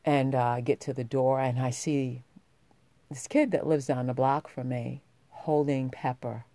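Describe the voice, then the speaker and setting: A woman's voice: rumbling low, steady tone, measured pace, dark tone, no echo. A woman vlogging, telling a personal story in a heartfelt, rambling way with many restarts, getting emotional as she talks.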